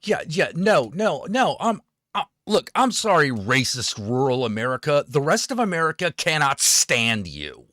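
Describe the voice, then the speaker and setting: A man's voice: on the high side, big pitch swings, moderate pace, bright, forceful tone, no room sound, studio quality. A man hosting his own stream, ranting in a sarcastic, profane way about politics. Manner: swearing, sarcastic, fired-up. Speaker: streamer host.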